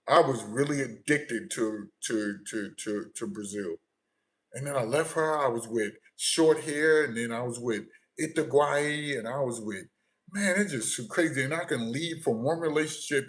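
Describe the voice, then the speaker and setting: A man from the United States hosting a casual livestream, telling travel stories in a lively way that swings between quiet, low asides and loud bursts. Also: low-quality recording. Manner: animated storytelling, shifts often from low mumbles to loud bursts. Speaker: livestream host.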